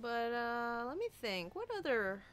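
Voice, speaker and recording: A woman's voice: fairly high pitch, big pitch swings, unhurried, fairly bright tone, clear, resonant tone. A woman artist thinking aloud while she designs a character, musing and hesitant, with many fillers and restarts. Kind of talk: casual thinking-aloud commentary while drawing.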